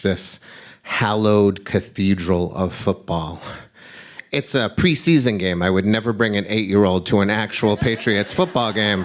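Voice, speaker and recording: A middle-aged man telling a true personal story on a live stage, wry and confessional, turning from jokey to hushed. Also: fairly low pitch. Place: live stage before an audience.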